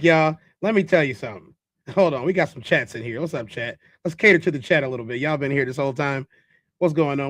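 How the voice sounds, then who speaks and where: A man hosting a live stream, talking casually to his chat before turning to firm lecturing. His voice sits a little high for a man, and the recording is dry and close, with no trace of room echo. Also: fairly bright tone. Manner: reads the chat aloud and moralizes firmly. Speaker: livestream host. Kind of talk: casual livestream commentary.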